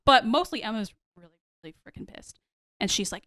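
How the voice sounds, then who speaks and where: A woman with a high, smooth voice talks through a TV episode in relaxed podcast chat. She acts out the characters' lines as she retells each scene. The sound is dry and close. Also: fairly quick, no echo. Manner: animated, acts out characters' lines, addresses listeners as y'all. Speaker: podcast host. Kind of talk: casual chat recapping a TV episode.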